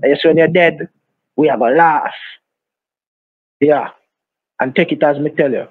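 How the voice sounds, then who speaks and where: High-voiced Jamaican man on a tinny phone line. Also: normal speed, slightly rough, no echo. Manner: taunting, threatening, repeats insults. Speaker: phone scammer. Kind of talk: heated phone argument. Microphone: phone call.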